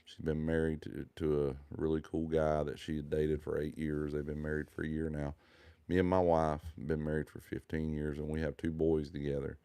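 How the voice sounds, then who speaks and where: A man's voice: extremely low pitch, dark tone, clear, resonant tone, no room sound. A man, telling his personal testimony in an earnest, heartfelt, rambling way.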